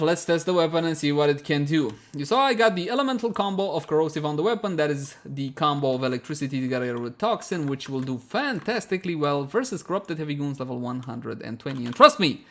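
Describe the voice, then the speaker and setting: A man talks viewers through a video game guide in a slightly raised voice. He is chatty and animated, calls his audience his friends, and pokes fun at himself along the way. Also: on the high side. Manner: chatty and self-mocking, often breaking into laughter. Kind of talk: voice-over gameplay guide.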